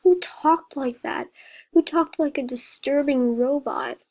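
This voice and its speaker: A woman reading a horror story aloud in a slow, even way, with a few slips. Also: sits high, rough recording.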